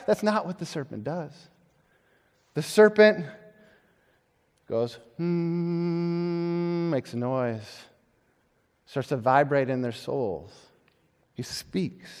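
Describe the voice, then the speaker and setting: A male pastor giving a conversational, animated sermon, often repeating words as he restarts. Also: high-pitched. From United States. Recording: long hall reverb.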